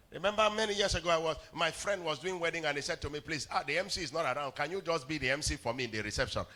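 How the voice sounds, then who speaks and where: A male pastor preaching a sermon in church, telling stories, often stammering on words and building up to shouts. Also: on the high side, rapid-fire, few pauses. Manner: storytelling preacher, rising to shouts, stammered repeats. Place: church hall.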